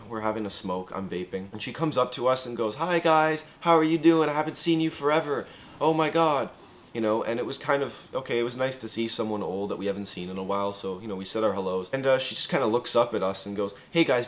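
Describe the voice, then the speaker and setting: Man in his 20s with a lowish voice, relaxed storytime vlog delivery, profane and sarcastic.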